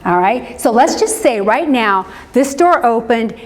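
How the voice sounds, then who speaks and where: A woman's voice: on the high side, animated, a little slow. A woman, giving a conversational talk to a live group and often checking in with "right?". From American Midwest. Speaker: speaker on forgiveness, counselor. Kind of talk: interactive lecture to a live group. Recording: long reverb of a hall.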